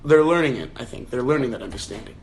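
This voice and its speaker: A young man talks casually to his livestream audience through a phone, musing aloud about a novel. He restarts his sentences often and tosses questions to his viewers. His voice sits at an ordinary middle pitch. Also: animated, fast talker, gravelly, slight background noise. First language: English. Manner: thinking aloud, frequent restarts and rhetorical questions. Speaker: livestream host leading a book discussion.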